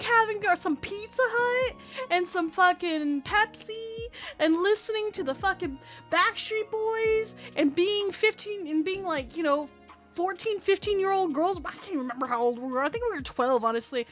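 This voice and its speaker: Late-thirties woman streamer, very high pitch, profane rambling storyteller, faint background music. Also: a bit bright. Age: 30s. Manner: rambling, profane, laughs a lot. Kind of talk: casual storytelling chat.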